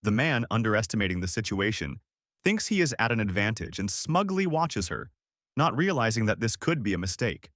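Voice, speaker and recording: A man reading scripted narration as he recaps a comic story, in a steady storytelling manner. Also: on the low side, fairly quick, no echo, studio quality.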